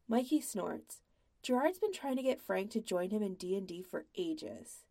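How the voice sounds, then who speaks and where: A woman reading a story aloud in a soft, quiet, intimate way. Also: mid-range voice, animated, normal speed, creaky. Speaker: podfic reader. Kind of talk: scripted narration of fan fiction.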